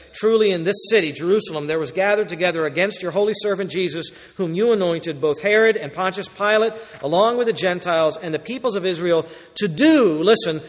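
A man preaching a sermon emphatically, his delivery swinging between loud and quiet. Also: sits high. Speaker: pastor. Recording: hall reverb.

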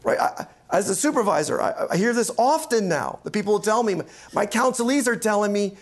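A man's voice: very high voice, expressive, brisk, vocal fry, hardly any pauses. A man, a pastor and counseling instructor, giving an emphatic teaching lecture and often checking in with "right?". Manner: emphatic, repeats key points, asks "right?".

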